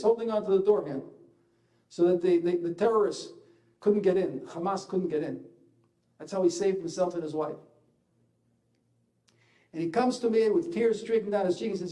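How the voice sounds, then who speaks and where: Older Israeli-accented man, slightly high voice, mellow tone, halting speaker. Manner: halting, searching for words, rising intensity in places. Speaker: ambassador giving a speech. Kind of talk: emotional personal speech.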